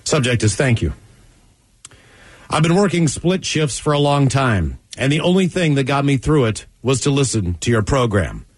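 A man's voice: medium pitch, sing-song, moderate pace, slightly rough, no room sound. A man hosting a comedy radio show, reading listener messages aloud and laughing often. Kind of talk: reading listener emails on air.

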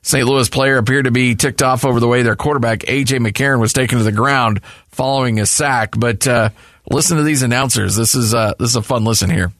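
A man co-hosts a casual sports show at a middle pitch. He reacts with short remarks and then reads the setup for the next story in a light, steady way. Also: a little fast, no room sound, studio quality. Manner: brief reactions, then reads news segments. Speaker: co-host.

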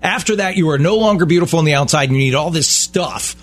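Animated, emphatic man co-hosting. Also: a little high, fast. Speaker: radio co-host. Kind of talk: casual chat.

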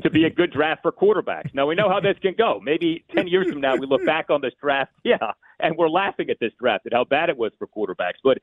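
A man's voice: a little high, big pitch swings, no room sound. Opinionated man over a tinny phone line. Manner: measured, opinionated, thinking aloud with restarts. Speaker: sports radio guest analyst. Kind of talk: call-in sports radio talk.

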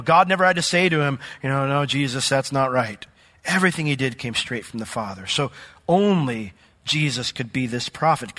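A man's voice: mid-range voice, sharp tone, in a large hall. A male pastor preaching a sermon in a conversational way, reading from the Bible and asking the congregation questions.

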